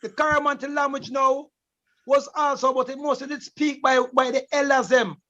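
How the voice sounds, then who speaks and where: Jamaican guy with a really high bright voice, emphatic, keeps repeating words, dull lo-fi audio. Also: little pitch movement, moderate pace. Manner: emphatic, repeats words and preaches about language. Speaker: guest, reggae artist. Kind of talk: casual chat in Patois.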